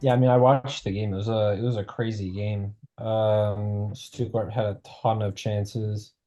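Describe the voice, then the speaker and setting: A man's voice: lowish voice, flat delivery, measured pace, mellow, faint music behind. A man on a football panel, giving a rambling match recap full of fillers. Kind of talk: casual football chat.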